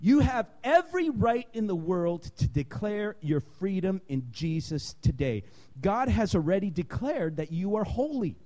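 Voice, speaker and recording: Male preacher, sermon delivery, very high voice, swooping animated intonation, impassioned. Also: a little slow. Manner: impassioned, emphatic, building to shouts.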